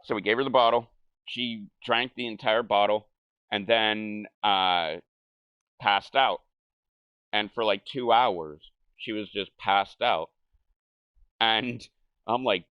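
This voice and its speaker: Man, young adult, casual profane storytelling, lower pitch, dry close sound. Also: slow pace, pauses often, fairly bright tone, clean tone, no room sound. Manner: rambling, profane, laughing, mimics voices in quotes. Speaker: gamer telling a story. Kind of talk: casual storytelling over gameplay.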